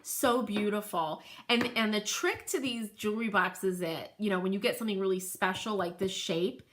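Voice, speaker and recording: Gushing and laughing frequently, a middle-aged New England woman reads viewer comments as she hosts a livestream show and tell on furniture painting. Her voice is medium in pitch and her pace moderate.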